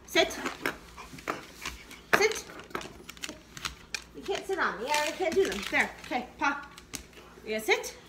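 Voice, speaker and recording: A woman's voice: sits high, big pitch swings, slow, pauses often. A woman vlogging at home, coaxing, scolding and praising her dogs while she trims their nails. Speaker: dog owner vlogger. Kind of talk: casual home video. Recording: noisy room with dogs and clicks.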